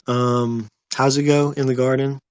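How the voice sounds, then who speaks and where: Male streamer, mid-pitch, easygoing rambling chat, dry close sound. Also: flat delivery, a little slow, smooth, dry recording. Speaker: livestream host. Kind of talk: casual livestream chat with viewers.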